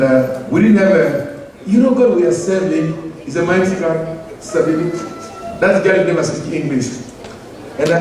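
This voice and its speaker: A man's voice: fairly high pitch, darkish tone, a little hiss or hum. A man preaching a sermon to his church in emphatic, repetitive, non-standard English, asking the congregation to answer him. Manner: asks the congregation for responses. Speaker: pastor. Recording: very echoey room, mic at a distance.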